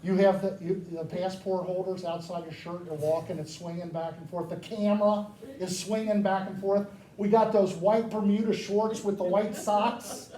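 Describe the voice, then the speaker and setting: A man from the United States giving a lively, joking talk to a live audience, often asking them questions. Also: sits high, normal speed, few pauses. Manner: animated, joking, asks the crowd questions. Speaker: speaker addressing a live audience. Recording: echoey room, mic far off, faint noise.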